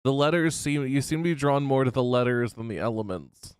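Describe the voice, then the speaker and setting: A man game master running a tabletop game in a calm, dry, direct way. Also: medium pitch, brisk, clear, resonant tone, no echo.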